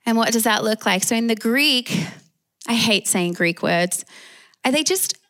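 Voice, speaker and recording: A woman's voice: fairly high pitch, lively intonation, unhurried. A woman with an Australian accent preaching a sermon, emphatic, calling out for amens. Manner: warm, emphatic preaching with call-and-response amens.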